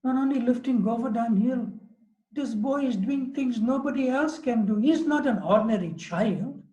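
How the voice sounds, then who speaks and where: Lecturer as earnest older cowherd brother, urging, high voice, echoey. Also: male voice, moderate pace, warm tone. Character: concerned elder brother, older cowherd man.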